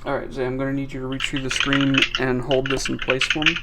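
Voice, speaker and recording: A man's voice: mid-range voice, monotone, fast talker, very noisy. A man streaming while tinkering, thinking aloud in a laid-back way and swearing casually. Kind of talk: casual chat while working on a device.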